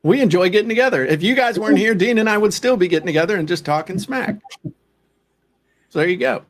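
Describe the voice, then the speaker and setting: A man co-hosting a casual chat, telling stories with folksy asides. His voice sits a little high for a man, and his delivery is animated and lively. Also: fast talker. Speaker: podcast co-host.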